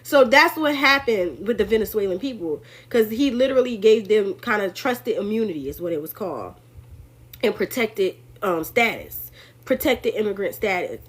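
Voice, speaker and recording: A woman's voice: mid-range voice, normal speed, husky. A woman hosting a casual political commentary, talking loosely and acting out quotes in put-on voices. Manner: animated, acts out quotes in put-on voices, laughs often. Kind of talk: casual opinion monologue.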